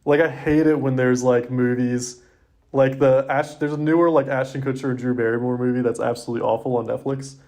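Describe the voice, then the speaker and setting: A man's voice: medium pitch, fairly even intonation, brisk, a little mellow. A young man co-hosting a casual podcast chat, rambling and filling his sentences with "like". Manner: rambling, heavy use of "like". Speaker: podcast co-host.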